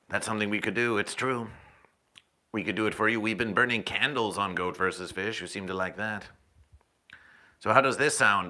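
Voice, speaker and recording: Man, comedy livestream host, bright tense tone, unhurried, playful and repetitive. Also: on the low side. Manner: playful, repeats phrases, speaks as "we". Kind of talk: absurdist livestream monologue. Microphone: new handheld microphone.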